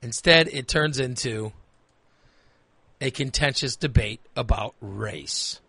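A man's voice: medium pitch, slow, gravelly, bright, forceful tone, slightly rough, no echo. A man hosting a talk radio show, ranting in a heated, emphatic way and repeating phrases for emphasis. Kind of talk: opinionated talk radio rant.

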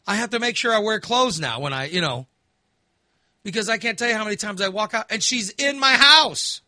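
A man's voice: high-pitched, animated, a little fast, bright, forceful tone, no echo, studio quality. A man hosting a podcast, telling stories in casual chat with laughs and voiced asides. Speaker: podcast host.

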